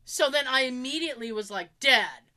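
A woman in her forties co-hosting a casual chat show, telling animated family stories with plenty of swearing and acted-out quotes. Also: fairly high pitch, moderate pace. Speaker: podcast co-host.

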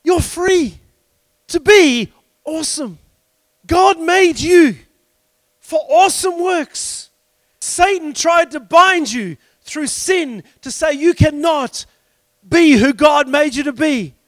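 A man preaching a sermon with passion, breaking into shouts and slowing down to stress key phrases. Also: very high voice, lively intonation, no room sound. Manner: impassioned preaching with sudden shouts and slow emphatic phrases. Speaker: pastor.

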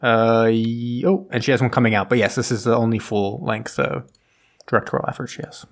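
A man's voice: medium pitch, steady tone, fairly quick. A man co-hosting a podcast, casually recapping a film with lots of fillers and offhand paraphrase. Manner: rambling, many fillers, mimics characters in paraphrase. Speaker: podcast co-host. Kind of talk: casual movie recap chat.

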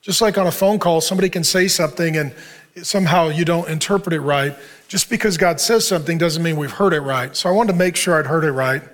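A man's voice: on the high side, fast talker. Earnest middle-aged man preaching. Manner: earnest storytelling, conversational. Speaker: pastor. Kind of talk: sermon to a men's group.

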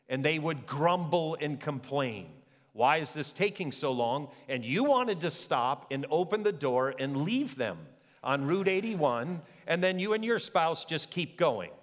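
A man preaching a sermon as a pastor, with lively rhetorical questions to the congregation. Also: a little high. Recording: long hall reverb.

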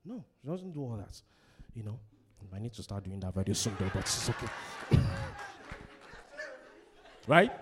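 A man's voice: lowish voice, very animated, moderate pace, long pauses, a loud crowd, very noisy. A middle-aged man from Africa preaching a sermon, repeating key phrases and asking questions for the congregation to answer. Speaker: pastor. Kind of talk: sermon on relationships.

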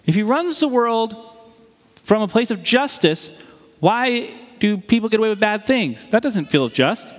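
A man preaching a sermon as pastor, speaking in a lively, conversational way and acting out quoted lines. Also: sits high, unhurried. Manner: animated, conversational, acts out quotes. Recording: reverberant hall.

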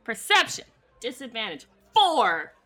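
Female player, playful and giggly, high and bright, with a lively pitch. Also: a little slow, faint music behind. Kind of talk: playing a tabletop game.

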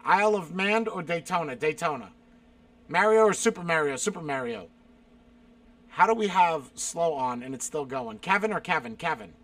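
A slightly high, a bit bright, animated voice belongs to a man from South Carolina speaking at normal speed with no echo. On a casual stream chat he reads questions out loud and fires off curt, sweary one-word replies, now and then erupting in exasperation.

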